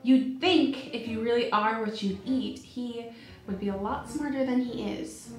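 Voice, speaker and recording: A woman's voice: a little high, measured pace, darkish tone, reverberant, faint music behind, close to an everyday voice. A woman playing a sarcastic, grumpy witch. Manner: sarcastic, snappy.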